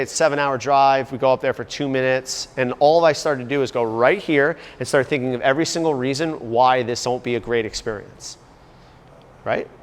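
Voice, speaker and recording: A man's voice: mid-range voice, big-room sound. A man coaching a fitness group, talking earnestly in a rambling way and asking them questions. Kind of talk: motivational talk to a group. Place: gym.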